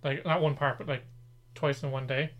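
A man with an Irish accent co-hosting a chatty podcast, reading show plugs in an even, announcer-like way. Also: mid-range voice, moderate pace, lo-fi sound. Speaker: podcast co-host. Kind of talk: casual chat with show plugs.

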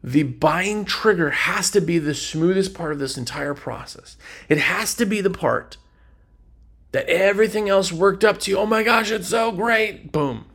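A man hosting a podcast, giving casual business advice and acting out quick dialogues between customers and salespeople. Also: on the high side, lively intonation, a bit bright, husky. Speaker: podcast host.

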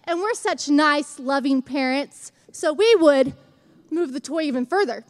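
A young woman gives an animated, talkative sermon in church, playing out little stories as she speaks. She has a high voice and takes her time.

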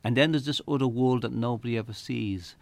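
A man's voice: mid-range voice, a little fast, no room sound. A man with an Irish accent talking reflectively about his writing as an interview guest, often repeating words as he starts a thought. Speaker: novelist guest.

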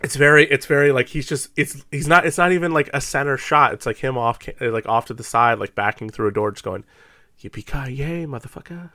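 Bright-voiced man in casual chat. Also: mid-range voice, fairly even intonation, quick pace, few pauses, no echo. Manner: chatty, repeats words as he starts sentences. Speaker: podcast co-host.

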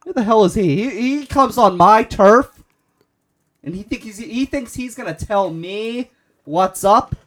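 A man's voice: high-pitched, measured pace, fairly bright tone. Blustery man ranting in mock outrage. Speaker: podcast co-host. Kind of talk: casual chat.

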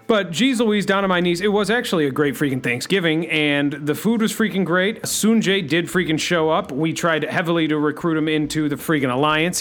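A man playing an overexcited talk-radio host who says "freaking" constantly and leaps up in pitch. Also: a bit bright. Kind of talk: comedy radio-show sketch.

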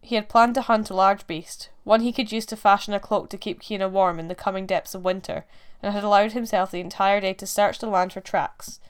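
A woman reading a folk tale aloud in a measured, expressive storytelling manner. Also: medium pitch, smooth. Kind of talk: scripted narration.

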